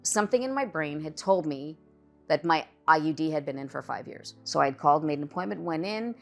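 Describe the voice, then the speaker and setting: Low, gravelly middle-aged woman telling her story. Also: lively intonation, a little fast, soft background music. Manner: candid, conversational storytelling. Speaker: cancer patient sharing her story. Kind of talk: personal testimony.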